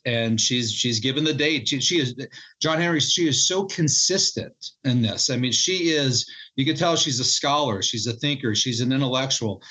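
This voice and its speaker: A man's voice: medium pitch, bright, forceful tone, low-quality recording. Earnest man recounting sources. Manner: earnest, restarts and repeats words. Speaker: book co-author guest. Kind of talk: interview storytelling.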